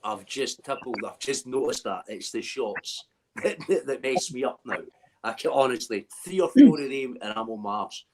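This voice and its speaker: A man's voice: mid-range voice, lively intonation, normal speed, a little mellow, slight background noise, poor audio. A man with a Scottish accent, chatting casually on an online call, swearing and laughing as he rambles. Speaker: chat guest. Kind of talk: casual chat.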